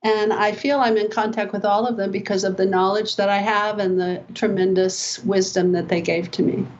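A podcast guest who works as a personal development coach, this older woman tells chatty, rambling stories with fillers in animated conversation. She speaks at a moderate pace in a medium pitch with fairly even intonation, and the sound is lo-fi.

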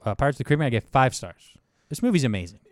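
An excitable young man co-hosting a film podcast, his voice leaping from low mumbles to high, eager bursts. The sound is close and dry, with no room around it. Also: very fast, no room sound. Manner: enthusiastic, animated, swings between mumbled asides and excited bursts. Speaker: podcast co-host. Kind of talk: casual film review chat.

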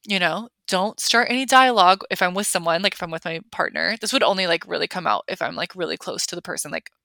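A woman's voice: fairly low pitch, quick pace, creaky, sharp tone, dry recording. A young adult woman hosting a podcast, talking casually and emphatically with lots of fillers. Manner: chatty, filler-heavy, emphatic. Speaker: podcast host. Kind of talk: casual confessional chat.

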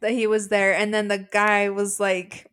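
Clear and resonant, her mid-range voice moves at a moderate pace. As a podcast co-host, she chats easily about an episode of a reality show, agreeing readily and joining in the laughter.

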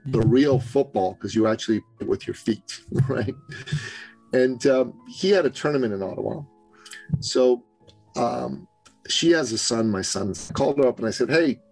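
A man from Canada, a business coach, telling an animated story as a podcast guest and acting out the voices of the people he quotes. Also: mid-range voice, vocal fry, poor audio. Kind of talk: storytelling interview.

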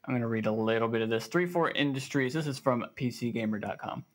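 A man's voice: medium pitch, fast talker. A man with a Southern American accent, co-hosting a casual gaming podcast, joking and reading news aloud with fillers. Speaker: podcast co-host.

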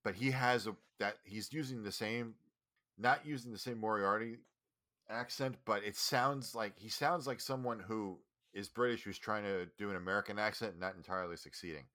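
A man co-hosting a podcast who talks casually and explains his opinions with quick asides. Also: fairly low pitch, sharp tone. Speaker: podcast co-host.

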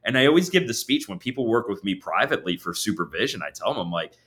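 Candid, animated man with bright voice. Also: on the low side, quick pace. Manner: candid, animated storyteller with frequent restarts. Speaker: counselor supervisor, podcast guest. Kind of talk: casual podcast chat.

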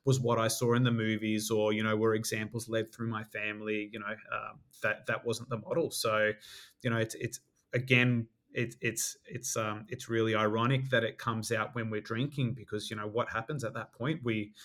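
Low, flat-voiced man reflecting calmly. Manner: measured and reflective, many "you know" fillers. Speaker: podcast guest, life coach. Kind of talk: reflective interview talk.

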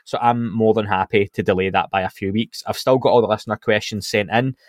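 A man's voice: fairly low pitch, fast, no echo, studio quality. A man hosting a podcast, chatting casually through show updates with plenty of ums and restarts. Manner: relaxed, chatty, with frequent fillers and restarts. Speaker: podcast host.

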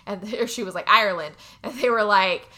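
Bright-voiced woman telling a rambling movie recap. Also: mid-range voice, fairly quick. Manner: rambling, filler-heavy storytelling with frequent laughs. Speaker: podcast co-host recapping a movie. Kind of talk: casual chat.

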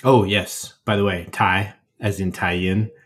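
A man co-hosting a podcast, explaining things in a relaxed, casual way with playful asides. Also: low-pitched, measured pace, breathy edge. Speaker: podcast co-host. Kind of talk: casual educational chat.

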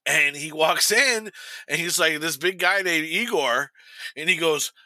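A man's voice: on the high side, a little slow, pushed and bright, no room sound, low-quality recording. A middle-aged man chatting casually on a podcast, telling a long story with restarts and laughing at his own tale. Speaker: podcast co-host.

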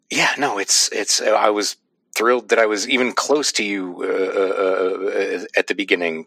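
A man with a very low yet bright voice speaks as a podcast guest. He talks haltingly, restarting phrases while he searches for words, on a dry recording. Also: slightly rough, dry recording. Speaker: podcast guest, comics writer. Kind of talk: casual chat.

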